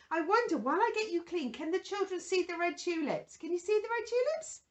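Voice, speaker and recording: A woman presenting a children's Bible lesson, talking gently and with exaggerated feeling to toddlers and a puppet. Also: very high-pitched, animated, fairly quick, few pauses.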